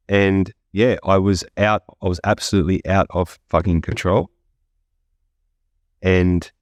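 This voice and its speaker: Guy, very low voice, dry close sound, candid and foul-mouthed podcast guest. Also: a little mellow, dry recording. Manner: blunt, profane, candid storytelling. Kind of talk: casual podcast interview.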